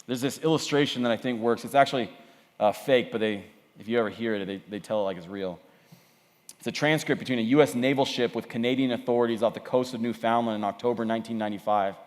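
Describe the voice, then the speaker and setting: A man preaching at a youth camp, energetic and conversational, often repeating himself. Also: mid-range voice, fast talker. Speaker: camp speaker. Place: camp meeting hall. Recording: echoey hall.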